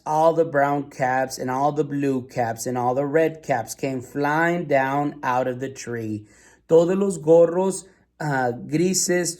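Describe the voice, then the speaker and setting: A man reading a children's storybook aloud in two languages, pausing to ask his listeners questions in a patient, teacherly way. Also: a little high, darkish tone. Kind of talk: bilingual storybook read-aloud.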